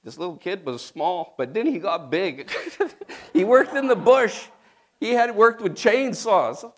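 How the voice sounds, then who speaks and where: A man's voice: high-pitched, expressive, unhurried. A man preaching a sermon, emphatic and emotional, calling out for the congregation to respond and spelling out key words. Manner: laughs and tears up when moved.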